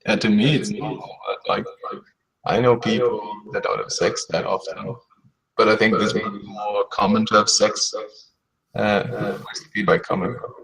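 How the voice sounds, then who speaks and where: A man's voice: fairly low pitch, steady tone, a little slow, creaky, a crowd in the background, low-quality recording. A man in casual chat, easygoing and rambling, who swears freely.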